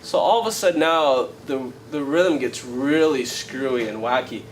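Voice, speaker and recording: A man who plays flamenco guitar, teaching a workshop in a casual, animated way, telling stories and counting beats aloud to a live audience. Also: mid-range voice, moderate pace. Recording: guitar playing clearly heard behind voice.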